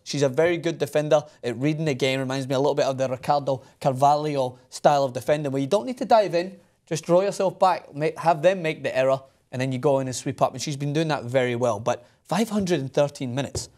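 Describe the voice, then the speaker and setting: A man, hosting a casual sports chat show and breaking down football tactics with teasing banter. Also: on the high side. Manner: quick, animated football analysis with teasing banter.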